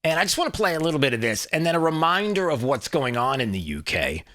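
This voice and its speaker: A man hosts his own commentary show in a bright, forward voice. He rambles along with plenty of fillers and drops in jokey asides. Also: on the high side, big pitch swings, quick pace. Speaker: show host. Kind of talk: casual commentary.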